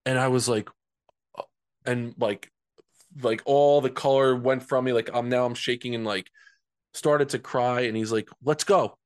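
A man's voice: mid-range voice, fairly even intonation, normal speed, pauses often, smooth, no room sound, studio quality. A man from New Jersey, a men's coach telling a personal story as a podcast guest, earnest and conversational, often repeating words.

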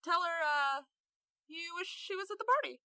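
Woman as chatty, teasing party host; bright, dry. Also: very high voice, animated, normal speed, dry recording, pitched above the performer's own voice, full character voice. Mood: upbeat.

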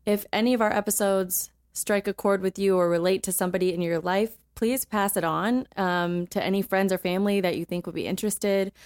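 A young woman co-hosts a casual podcast, chatty and quick to laugh. Her voice sits at a middle pitch and is recorded close and dry, with no room sound. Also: steady tone, darkish tone, no echo. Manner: chatty, laughs often, many fillers. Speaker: podcast co-host.

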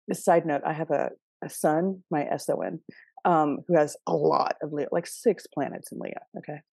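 A woman's voice: low voice, fairly even intonation, a little slow, gravelly, pauses often, warm tone, husky, dry recording, clean studio sound. A woman giving a casual astrology reading, chatty and direct, often checking in with her listeners. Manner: chatty and direct, with frequent laughs and "okay?" check-ins.

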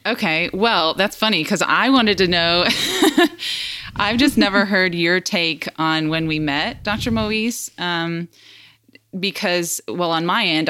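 Podcast host lady, low voice, dry close sound, super earnest and a bit teary. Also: fairly bright tone, dry recording. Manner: earnest, heartfelt, close to tears. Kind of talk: podcast interview.

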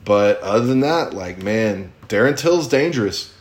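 Low-voiced man chatting on a podcast. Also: animated, measured pace. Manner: rambling, lots of ums and restarts. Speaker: podcast co-host. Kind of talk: casual podcast chat.

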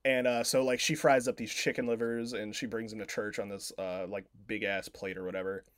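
A man's voice: fairly low pitch, little pitch movement, fairly quick, clean tone, dry recording, clean studio sound. A man co-hosting a podcast, casually retelling a film plot in a rambling way, full of filler words and swearing. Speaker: podcast co-host.

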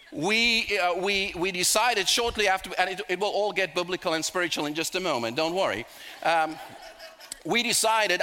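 Male preacher, middle-aged, high bright voice, storytelling with jokes. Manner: storytelling, humorous asides, slows for emphasis. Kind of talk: sermon with personal stories.

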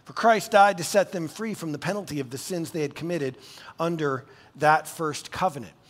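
High-voiced animated male pastor. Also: normal speed, in a large hall. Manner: animated, conversational preaching with casual asides. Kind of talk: sermon.

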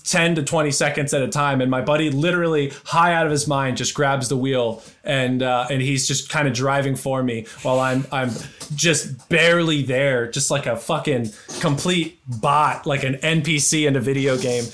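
A young man telling a wild story in casual chat, excitable and profane, with lots of restarts. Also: medium pitch, moderate pace, a little hiss or hum. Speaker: storyteller guest.

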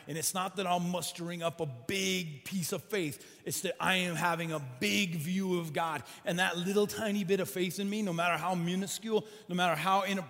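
In a large balconied church, a pastor with a slightly high, fairly bright voice preaches and prays with his congregation, using earnest, building repetition. Music and long church reverb fill the recording.

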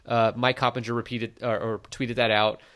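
A man's voice: medium pitch, moderate pace. Opinionated man chatting about boxing. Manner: opinionated, animated, frequent "like" fillers. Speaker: boxing podcast co-host. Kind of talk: casual conversational commentary.

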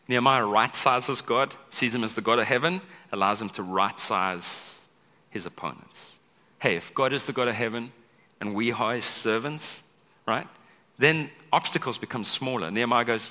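A man preaching a sermon as pastor, chatty and animated, often checking in with "right?" and acting out quoted lines. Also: medium pitch, normal speed. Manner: conversational, keeps asking "right?"; acts out quoted speech with big vocal swings. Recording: long hall reverb.

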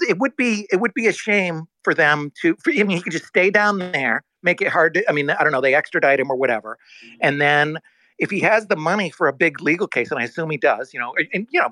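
A man in casual talk as a guest, telling a story in a rambling, animated way, full of restarts and acted-out quotes. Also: fairly high pitch, fast, dry recording, low-quality recording. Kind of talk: casual storytelling on a live audio chat.

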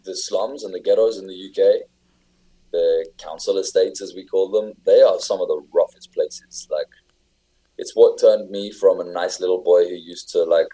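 A young man with an English accent talks in an easy, rambling way, full of fillers and restarts. His voice sits low and sounds dark and mellow, with a husky edge. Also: fairly even intonation, moderate pace, rough recording. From England. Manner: rambling, filler-heavy storytelling. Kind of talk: casual chat.

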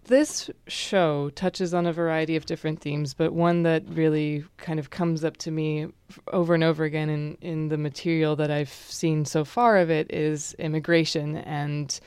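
A low-pitched woman hosts a public radio interview program. She reads the segment links and asks her questions in a measured way. The studio sound is dry and close. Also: flat delivery, darkish tone, clear, resonant tone, no echo. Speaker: radio host.

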